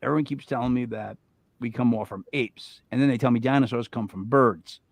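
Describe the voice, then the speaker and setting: A man hosting a podcast, chatting casually in an animated, joking, rambling way. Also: mid-range voice, fairly quick, vocal fry, no room sound. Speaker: podcast host. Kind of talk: casual chat.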